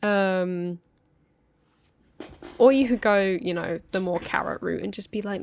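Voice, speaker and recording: Gravelly laid-back woman co-host. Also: medium pitch, unhurried, long pauses, darkish tone, a little hiss or hum. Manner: laid-back, giggly, says like a lot. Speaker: podcast co-host. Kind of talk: casual chat. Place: England.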